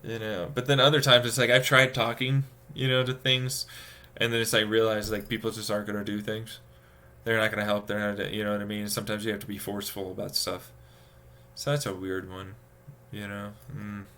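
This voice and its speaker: Bright-voiced man ranting on stream. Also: on the low side, flat delivery, brisk, a little hiss or hum. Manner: profane, exasperated ranting with many fillers. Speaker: live streamer. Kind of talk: casual rambling stream talk.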